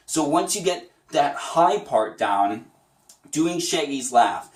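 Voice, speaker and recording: A man gives a casual, upbeat voice acting tutorial, chatty and often laughing. His pitch swoops lively up and down. He sits a little back from the mic, and the room rings with echo. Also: slow pace, far from the mic. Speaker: voice actor teaching impressions. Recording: roomy echo, away from the mic.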